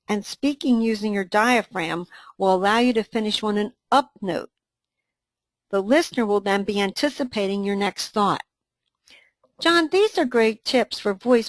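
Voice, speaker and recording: A woman with a medium-pitched voice co-presents a training webinar, reading a scripted dialogue in an even, instructive manner. There is no echo on the recording.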